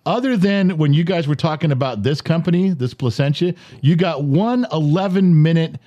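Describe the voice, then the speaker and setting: A man in his forties hosting a podcast in a studio, telling a story in a lively, profane, laughing way. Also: on the high side, normal speed, muffled recording. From United States. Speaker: podcast host. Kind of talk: animated storytelling chat.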